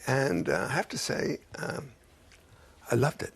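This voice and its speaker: A man in his eighties, a guest on a chat show, talking haltingly with many pauses to find his words. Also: mid-range voice, very animated. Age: 80s. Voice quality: gravelly, husky. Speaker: guest songwriter. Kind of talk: casual chat show interview.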